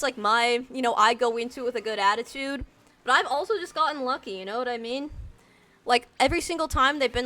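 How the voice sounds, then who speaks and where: A woman's voice: on the high side, sharp tone. A young woman chatting casually on a live game stream, rambling with lots of slang and filler words. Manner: rambling and slangy, heavy use of "like" and "dude". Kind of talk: casual live-stream chat while gaming.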